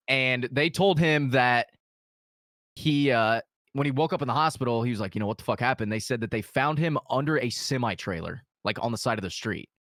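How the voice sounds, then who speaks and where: A man telling a story in casual podcast chat, animated and full of profanity. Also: medium pitch, no echo, studio quality.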